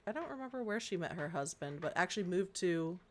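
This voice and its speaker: A woman's voice: lowish voice, expressive. An American woman co-hosting a podcast, chatting casually with a playful, joking manner. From United States. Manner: chatty, playful, quick to joke. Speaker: podcast co-host. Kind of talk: casual chat.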